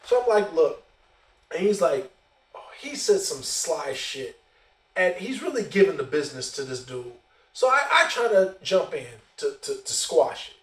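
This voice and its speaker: Brief: high-pitched male host, animated profane storyteller, sounding distant from the mic. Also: normal speed. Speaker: podcast host. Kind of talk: casual storytelling. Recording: roomy echo, distant mic.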